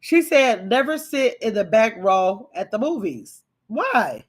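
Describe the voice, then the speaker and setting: A woman's voice: on the high side, slow, slightly rough. A woman hosting a casual livestream, chatting with viewers and reading their comments aloud in a rambling, conversational way. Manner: chatty, reads viewer comments aloud, talks to chat directly; rambling and conversational, with sudden excited bursts. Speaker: livestream host.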